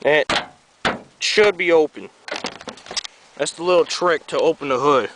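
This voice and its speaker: A man's voice: fairly high pitch, unhurried, noisy background. A young man from New York with a slight Southern tinge, a little sick, rambling offhandedly outdoors in the cold while showing his truck to a handheld camera. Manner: offhand, rambling, swears casually. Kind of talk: casual rambling walkaround.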